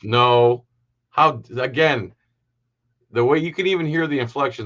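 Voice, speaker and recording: A man's voice: medium pitch, measured pace, a bit bright, highs cut off. Man with a sarcastic, angry ranting voice. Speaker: commentary host. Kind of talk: reaction commentary over video.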